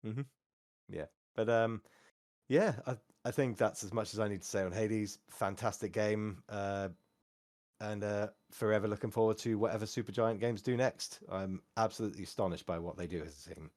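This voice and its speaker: A man's voice: on the low side, moderate pace, darkish tone. A man co-hosting a podcast, chatting casually with many fillers and restarts. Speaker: podcast co-host. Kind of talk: casual chat.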